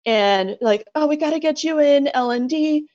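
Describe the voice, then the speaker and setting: Animated woman retelling a birth story. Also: high-pitched, moderate pace, dry recording, highs cut off. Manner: animated retelling, laughs often, acts out quoted voices. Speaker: guest, bereaved mother. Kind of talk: conversational storytelling.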